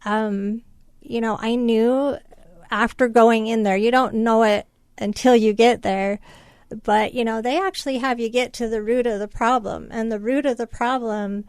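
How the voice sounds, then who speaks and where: Guest: middle-aged woman, even-pitched, smooth clear voice, halting and tearful delivery. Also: no echo. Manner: tearful, halting, many fillers. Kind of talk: emotional personal story.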